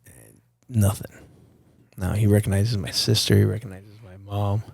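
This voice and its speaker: A man's voice: fairly low pitch, level tone, moderate pace, vocal fry, a little mellow, no room sound. A young man from Nicaragua, a podcast guest telling a personal story in a candid, profane, casual way. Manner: candid and profane, addresses host as dude and bro.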